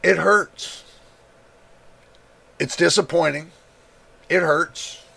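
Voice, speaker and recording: Speaking extremely slowly with fairly even intonation, this man has a fairly high, creaky, husky voice with a sharp tone. He's a tech reviewer hosting a livestream, delivering a casual rant in a heated, emphatic way, repeating words for stress, with an occasional cough.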